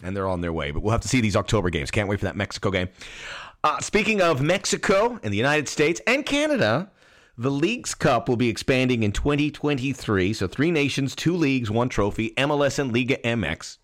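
A man of ordinary pitch hosting a soccer podcast. He talks casually and at length, often restarting his sentences as he moves between a chat with his guest and his own solo commentary. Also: animated, fairly quick. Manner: rambling, chatty, restarts often. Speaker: podcast host.

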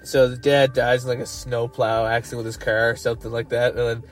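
Animated Canadian man telling stories. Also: medium pitch, a little fast, soft background music. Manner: animated storyteller, laughs often. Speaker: podcast co-host. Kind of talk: casual chat.

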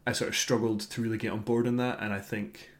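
A man with a fairly low voice co-hosts a casual podcast chat. He grumbles through an album review in animated bursts and swears freely. He sounds like he is in his thirties. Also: quick pace. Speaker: podcast co-host.

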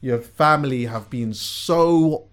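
Give me a young male podcast host, calm and thoughtful. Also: mid-range voice, takes it slowly. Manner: relaxed, reflective, slangy. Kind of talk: casual chat.

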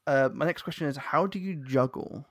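Gravelly-voiced English man hosting a podcast. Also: fairly high pitch, normal speed, no room sound, studio quality. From London, England. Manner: chatty, self-deprecating, many fillers. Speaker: podcast host. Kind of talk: casual interview chat.

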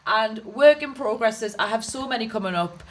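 Giggly woman comic teasing her cohost, voice a bit high, faint hiss. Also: animated, normal speed. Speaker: comedian and podcast co-host. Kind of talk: casual chat.

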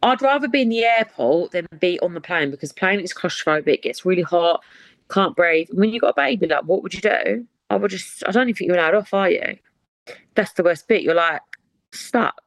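A woman's voice: on the low side, lively intonation, fairly quick, no room sound. A woman, hosting a podcast in casual chat, chatty and given to dramatic reactions. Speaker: podcast host.

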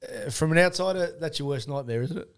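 Higher-voiced Australian man asking questions. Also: fast, clean tone. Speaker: podcast host. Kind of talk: casual podcast chat.

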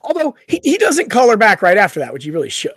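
A podcast co-host in casual book-discussion chat, animated and playful, acting out scenes. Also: medium pitch, fast talker, slightly rough, dry recording, clean studio sound.

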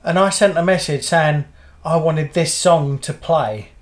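A middle-aged man with a slightly high voice speaks at a measured pace. He co-hosts a casual podcast, wandering through anecdotes and swearing freely.

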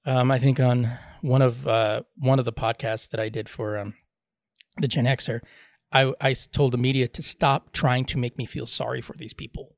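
A man's voice: mid-range voice, fairly even intonation, moderate pace, creaky, no echo. Podcast co-host, male, blunt and rambling, dry close-miked sound. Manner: rambling, blunt, many restarts. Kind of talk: casual chat.

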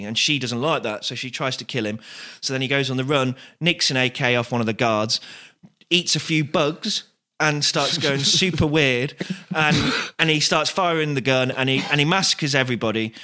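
A man's voice: medium pitch, lively intonation, a little fast, bright, forceful tone. A man, a comedy podcast co-host telling a rambling, sweary story and laughing often. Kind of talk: casual comedy chat.

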